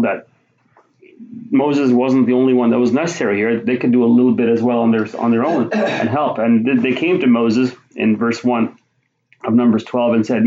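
A man preaching a sermon, teaching conversationally through scripture and rising to forceful emphasis on key points. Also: mid-range voice. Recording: roomy, dull lo-fi sound.

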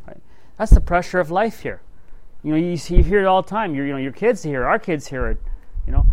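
A man's voice: fairly high pitch, lively intonation, fast talker, a little hiss or hum, low-quality recording. A man teaching a Bible study, reading scripture aloud and then commenting in a casual, conversational way with frequent asides to his listeners. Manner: frequent "you know" and "right?" asides.

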